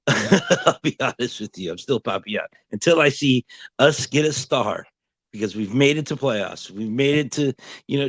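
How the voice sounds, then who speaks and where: A man co-hosting a sports fan podcast, telling a story in a lively way, quoting people and laughing often. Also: lowish voice, no echo. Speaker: podcast co-host. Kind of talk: casual podcast chat.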